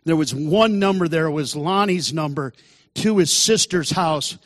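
Guy giving his testimony like a sermon, kinda high voice, long hall echo. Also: unhurried, clean studio sound. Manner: earnest storytelling, acts out quoted voices. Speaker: testimony speaker. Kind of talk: sermon-style personal testimony.

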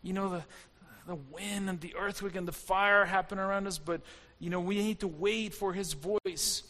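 A man's voice: sits high, fairly even intonation, moderate pace, sharp tone. A man preaching a fervent sermon, his intensity rising and falling as he speaks. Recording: long hall reverb.

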